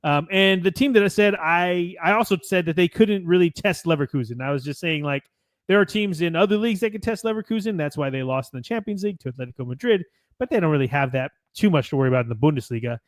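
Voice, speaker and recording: Relaxed American man, fairly high voice. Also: fast, dry recording, clean studio sound. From United States. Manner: rambling, relaxed, swears casually, reads match notes. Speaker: podcast co-host. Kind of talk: casual sports chat.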